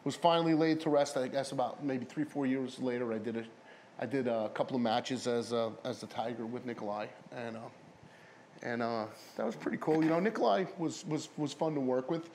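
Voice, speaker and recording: Speaking a little fast in a mid-range, slightly mellow voice, a man who used to wrestle professionally swears his way through meandering stories during a relaxed interview. He imitates other people's voices, and some background noise can be heard.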